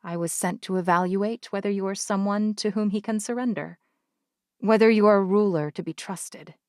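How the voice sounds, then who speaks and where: A woman narrating a first-person audiobook with a measured, even delivery. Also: medium pitch, no room sound, clean studio sound.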